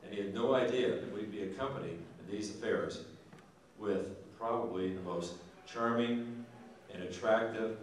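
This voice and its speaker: A man's voice: fairly low pitch, normal speed. A man telling a rambling, folksy joke to the crowd at a Marine Corps birthday ball. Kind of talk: after-dinner joke telling. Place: large banquet hall. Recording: echoey banquet hall, distant mic.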